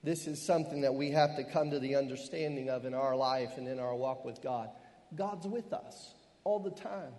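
A middle-aged man preaching a fervent sermon as pastor, sprinkling in amens and hallelujahs and slowing down hard on key phrases. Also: mid-range voice, darkish tone. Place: church. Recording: long reverb of a church hall.

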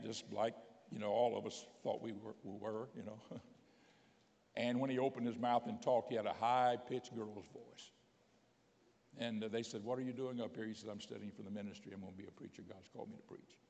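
Man, bishop, sermon, gravelly, long church reverb, quiet storytelling then loud exclamations. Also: on the low side. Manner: storytelling preacher, swings from soft to loud exclamations. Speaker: bishop preaching. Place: church sanctuary.

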